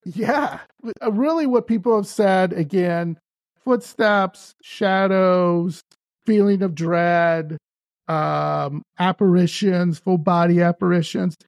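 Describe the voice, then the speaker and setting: Animated woman host, lower voice. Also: no echo, studio quality. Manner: animated storyteller, quick to agree. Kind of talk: casual conversation.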